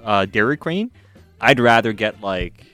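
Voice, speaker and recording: A man's voice: on the low side, lively intonation, a little slow, a bit bright, soft background music. A man co-hosting a sports radio show, rambling in casual banter and filling his speech with "like" and "you know.". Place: radio studio.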